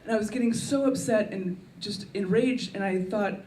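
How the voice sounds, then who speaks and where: Deadpan woman stand-up comic; roomy club sound with steady background noise. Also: mid-range voice, moderate pace, far from the mic. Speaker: stand-up comedian. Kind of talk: stand-up routine. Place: comedy club. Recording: echoey club miked from afar, crowd laughter.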